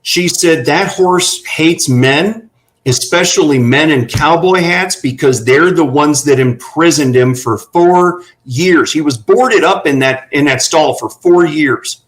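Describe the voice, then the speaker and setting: A man's voice: a little high, slow pace, low-quality recording. A middle-aged man telling earnest, folksy stories about working with horses as a guest on a talk panel. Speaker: guest running horse therapy for veterans.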